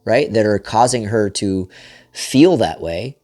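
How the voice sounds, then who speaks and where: A man's voice: lowish voice, lively intonation, slow, mellow. A man giving a blunt, profanity-laced talk as a marriage coach, speaking straight to other men and constantly checking in with "right?". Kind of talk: motivational advice talk to camera.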